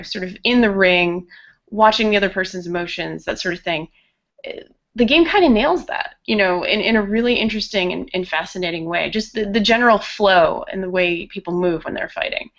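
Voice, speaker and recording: A woman from Rhode Island with a softened New England accent, chatting casually as a podcast guest, with lots of fillers and laughter. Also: medium pitch, expressive, moderate pace, gravelly, dull audio. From Rhode Island, USA. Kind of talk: casual chat.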